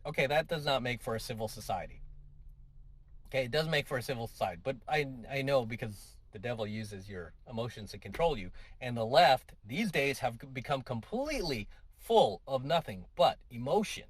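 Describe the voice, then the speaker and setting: A man's voice: mid-range voice, animated, a little fast, slightly rough, no echo. A man giving an opinionated commentary monologue to his viewers, conversational and full of tag questions and repeats. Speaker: commentary vlogger.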